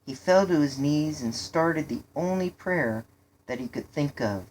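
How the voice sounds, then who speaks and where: A woman with a low voice reads a storybook aloud, slowly and steadily. Her narration is even and unhurried, leaving space between phrases. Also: slight background noise. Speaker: reader. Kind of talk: storybook reading.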